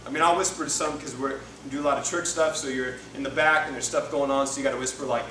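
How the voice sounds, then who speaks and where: A man's voice: medium pitch, fairly even intonation, fast talker, bright, forceful tone. A man in his thirties preaching a playful, jokey sermon to a youth group, with frequent laughter. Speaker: youth pastor. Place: church hall. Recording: echoey hall from far off, noisy.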